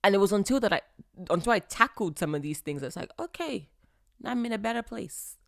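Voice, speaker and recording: A woman's voice: medium pitch, a little fast, gravelly, no room sound, studio quality. Blunt young woman. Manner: blunt, animated, confiding. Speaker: podcast host. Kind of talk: advice monologue.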